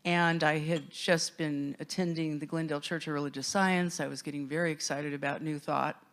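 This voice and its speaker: Woman reminiscing in a group chat, lowish voice, gets excited. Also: normal speed. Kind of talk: casual panel talk.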